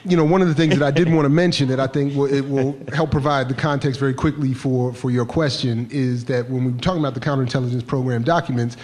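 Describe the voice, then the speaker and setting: A male academic on a discussion panel. He talks briskly and earnestly, laying out his argument point by point in a mid-range voice. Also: medium pitch, fairly even intonation, a little mellow.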